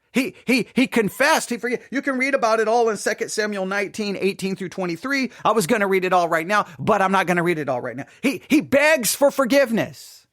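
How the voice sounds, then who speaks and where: High-voiced man teaching the Bible. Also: fairly bright tone, no room sound, clean studio sound. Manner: conversational, repeats words, asks "all right?" often.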